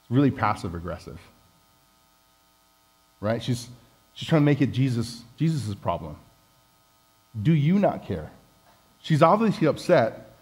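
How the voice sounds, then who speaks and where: A man's voice: mid-range voice, very animated, normal speed, long pauses, a little mellow, slightly rough, poor audio. A man preaching a conversational sermon, candid and self-deprecating as he talks with the congregation.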